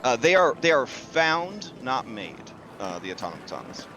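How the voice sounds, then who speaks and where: A man's voice: medium pitch, very animated, unhurried, bright, forceful tone, slight background noise. A man acting as game master, narrating a tabletop game casually and using lots of filler words. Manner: casual, filler-heavy, explanatory.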